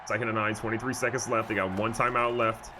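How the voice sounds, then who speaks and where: A man giving excitable, jokey live commentary over a football video game, moving from calm play calling to loud outbursts. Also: on the low side, quick pace, background noise. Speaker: gaming YouTuber.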